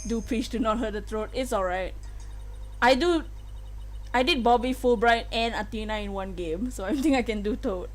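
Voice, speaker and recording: A woman's voice: a little high, moderate pace, soft background music. A young woman streaming a game live, giggly and playful, laughing often as she chats.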